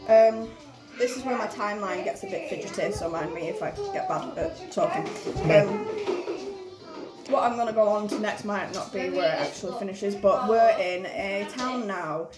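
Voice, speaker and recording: A woman's voice: medium pitch, animated, moderate pace. A young woman casually retelling a story, chatty and rambling, with lots of "um", "like" and "obviously". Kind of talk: casual retelling of a musical's plot. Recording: roomy echo with music behind.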